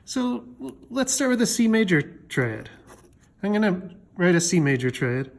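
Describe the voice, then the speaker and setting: This music theory lesson comes from a man with a slightly high, sing-song voice with vocal fry, speaking at a measured pace. He keeps it informal and friendly, sprinkling in fillers and small jokes.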